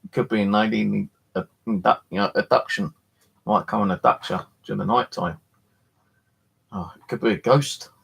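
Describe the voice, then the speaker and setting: A man hosting a live stream from his flat, chatting casually in a rambling, jokey way and swearing freely. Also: lowish voice, normal speed, creaky, breathy edge. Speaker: live streamer and paranormal channel host.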